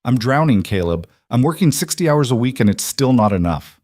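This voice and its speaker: A man's voice: mid-range voice, sing-song, fairly quick, a little mellow, no room sound, pitched above the performer's own voice. A proud young woman stretched to breaking, voiced in a lifted, strained tone by a man. She sounds weary and defensive, with a dry, close sound.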